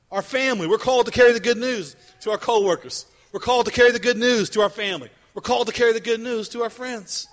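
A man preaching a sermon as pastor, driving his points home through repetition and moving between loud, emphatic stretches and low, quiet ones. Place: church sanctuary. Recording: long hall reverb.

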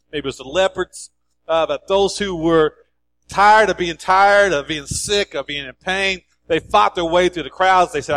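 A man's voice: fairly high pitch, a bit bright, no room sound. A male pastor preaching a sermon in an emphatic, repetitive style.

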